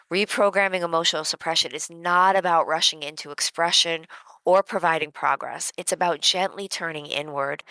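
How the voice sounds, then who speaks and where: A woman teaching a guided emotional self-help lesson in a gentle, conversational way, with many casual fillers. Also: low-pitched, smooth, no room sound, poor audio.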